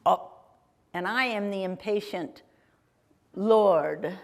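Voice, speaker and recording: A woman from Ohio gives a slow, chatty slide talk about her travels, her voice sitting a little high. She keeps it enthusiastic and keeps asking the audience questions. Her words ring with the long reverb of a large auditorium. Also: animated. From Ohio, USA. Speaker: guest speaker. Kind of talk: live travel presentation with slides. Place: performing arts center auditorium. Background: live audience in a hall.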